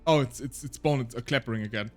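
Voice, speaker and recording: A man's voice: mid-range voice, fast talker, a little mellow, faint music behind. A man streaming a game, chatting casually and reading its text aloud, laughing often and tripping over his words.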